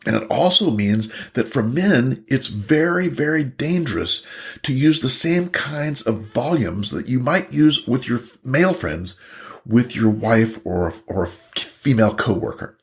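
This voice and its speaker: A man's voice: medium pitch, animated, unhurried, creaky. An older man, a couples therapist, talking casually to the camera and acting out a couple's argument as he tells it. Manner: storytelling, acts out both partners' voices.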